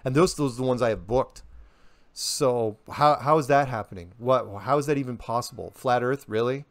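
Man, interview guest, casual and animated, rhetorical questions, mid pitch, dry close sound. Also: normal speed, dry recording.

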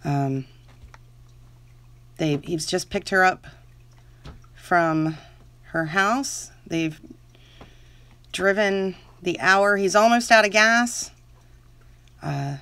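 Chatty woman host, rambling casual talk to viewers, laughs easily; a little low, dry sound. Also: drawn-out words, long pauses, sharp tone, clean tone, dry recording. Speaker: channel host.

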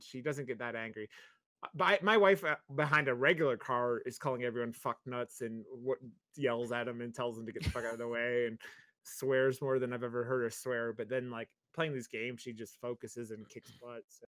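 A man's voice: mid-range voice, moderate pace, fairly bright tone, dry recording. A young married man co-hosting a podcast, chatting casually with exasperated jokes. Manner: exasperated, joking complaints. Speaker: podcast co-host. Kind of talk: casual chat.

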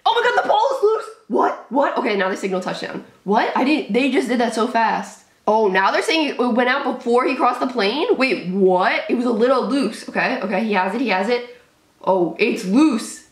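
A woman's voice: fairly high pitch, moderate pace, roomy sound. A young woman hosting a live reaction to a football game, calling plays and shrieking at the big moments. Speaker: sports reaction host.

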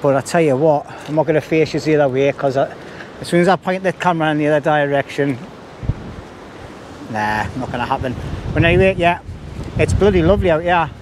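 A man's voice: fairly high pitch, a little fast, long pauses. A jokey, chatty man vlogging from windy woodland. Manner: jokey, chatty, laughs a lot. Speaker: bushcraft vlogger. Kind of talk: casual chat to camera. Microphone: camera mic. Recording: wind noise.

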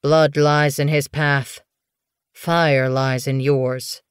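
A woman voicing a gruff old male medicine cat who speaks raspy, slow and ominous, in a dry, close recording. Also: sits low, no echo.

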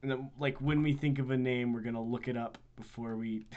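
A man's voice: medium pitch, fairly even intonation, brisk, darkish tone, highs cut off. A man co-hosting a podcast in casual chat, teasing his friends and laughing often. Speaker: podcast co-host.

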